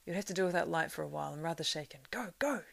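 A woman reading aloud as an old male wizard, giving urgent, forceful commands. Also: on the low side, animated, racing, creaky, breathy edge, dry recording, full character voice. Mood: shaken, urgent.

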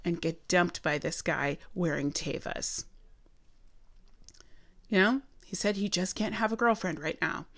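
A woman vlogger telling a personal story at home in a chatty, animated way, with emphatic asides. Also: fairly low pitch. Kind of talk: casual storytelling. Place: her apartment.

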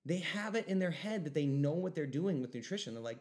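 A young man hosting his own podcast, ranting emphatically and swinging between loud outbursts and quieter asides. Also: high voice, fairly quick, few pauses. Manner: animated, emphatic ranting with mocking voices. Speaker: podcast host. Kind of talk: solo podcast rant.

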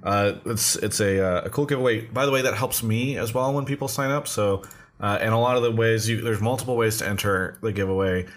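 A man's voice: on the low side, fairly quick. A man hosting a casual streamed talk show, rambling and restarting often with many fillers. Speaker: podcast host.

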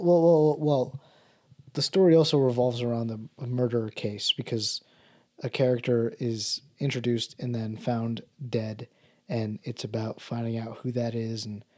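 A tired man hosts a solo movie podcast and rambles casually at a middle pitch. He laughs often, restarts his sentences, and drops swear words. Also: a little mellow. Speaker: podcast host.

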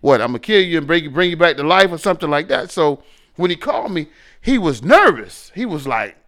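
Man in his forties, casual podcast chat, lively up-and-down voice, fairly high, animated storytelling. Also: a little fast. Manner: animated storyteller, swings between loud and quiet. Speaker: podcast co-host.

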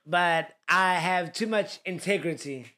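High-voiced, laughing podcast co-host man. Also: unhurried, pushed and bright, slight background noise. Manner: playful ranting banter, laughs often, teases his co-host. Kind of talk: casual chat about fantasy football.

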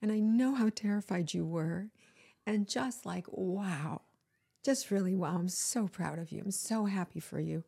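A woman's voice: mid-range voice, unhurried, vocal fry, dark tone, husky. A woman hosting an interview, speaking in an emphatic, encouraging way. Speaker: host. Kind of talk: warm interview chat.

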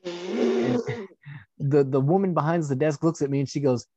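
A young man telling a personal story in a casual, blunt way, swearing freely and filling pauses with "you know". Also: fairly high pitch, fairly even intonation, dark tone, no room sound. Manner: candid and profane, with frequent fillers.

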